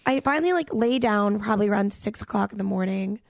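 A young woman telling a story in casual chat, animated, peppered with "like" and "dude" and swearing freely. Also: medium pitch, fast talker, gravelly, dry recording, clean studio sound.

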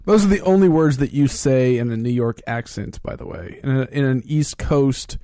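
A man guesting on a casual podcast talks in a laid-back, wry way. His voice is warm and dark, and the sound is dry and close. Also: medium pitch, moderate pace, no echo. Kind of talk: casual chat.

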